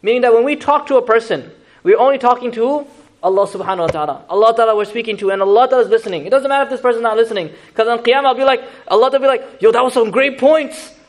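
A man teaching a Quran lesson in a lively, conversational way, asking the audience questions and making joking asides. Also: extremely high pitch, very fast. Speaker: Islamic teacher.

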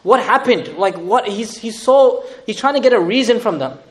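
A man giving an animated lecture on scripture as an Islamic teacher, with lively, dramatic retelling and laughing asides. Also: high voice, moderate pace.

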